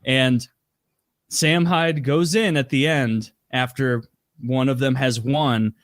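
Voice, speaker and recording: A podcast host with a mid-range voice speaks slowly, animatedly retelling a story in casual chat packed with filler words and lots of "like." The audio is studio quality with no room sound.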